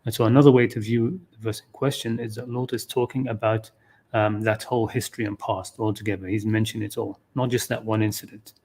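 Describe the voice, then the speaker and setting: A man's voice: fairly low pitch, flat delivery, fairly quick, darkish tone. A man giving an unscripted livestream talk on a scripture verse, thinking aloud with frequent restarts and "okay, you know". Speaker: Qur'an teacher.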